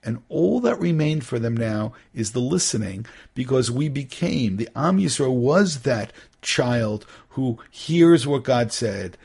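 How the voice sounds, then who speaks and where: Gravelly man teaching a text class. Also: medium pitch, a little slow, hardly any pauses. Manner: animated, acts out little dialogues, many restarts. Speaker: Torah teacher.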